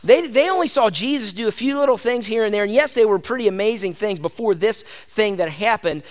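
High-voiced man preaching a lively sermon. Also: a little fast. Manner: animated, conversational preaching, calls the audience "gang". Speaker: pastor.

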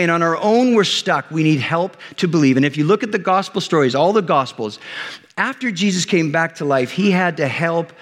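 A man's voice: on the high side, long reverb tail. A man preaching a sermon as a pastor, telling a Bible story casually and acting out the characters' lines. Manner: conversational storytelling with lively voiced retellings.

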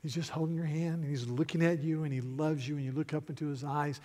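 A male preacher giving a sermon, reading aloud from a storybook with animated, soft asides. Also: a little high, fast. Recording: echoey hall reverb.

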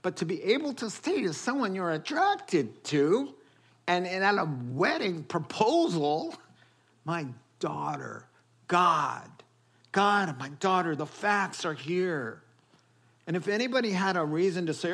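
Man, preacher, sermon, animated storytelling, fairly high voice. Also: a little slow. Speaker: pastor.

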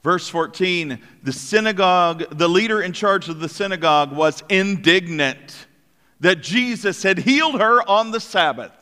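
High-voiced pastor preaching in a reverberant hall. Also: male voice, unhurried. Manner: animated, acts out voices of characters. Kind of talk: sermon.

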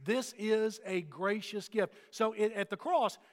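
A man preaching with a high, ringing voice, earnest and emphatic as he presses each point home. His words echo through a reverberant sanctuary, with a long tail after every phrase. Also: unhurried. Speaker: pastor. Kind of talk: sermon.

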